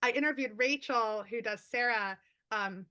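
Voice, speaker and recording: Bright, chatty woman author. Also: on the high side. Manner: fast, animated storytelling with many fillers. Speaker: author guest. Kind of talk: casual chat.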